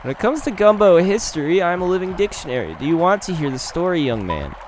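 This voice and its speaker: An old village historian , voiced by a man, tells a legend as a storyteller would. His voice sits fairly high and moves freely, with game music behind him. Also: big pitch swings, fast. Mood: storytelling.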